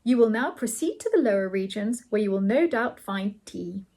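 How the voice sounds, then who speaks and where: A woman reading the lines of a pompous, condescending male earl in a storybook, in a grand, airy manner with a husky voice. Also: mid-range voice, expressive, moderate pace, darkish tone. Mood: lofty.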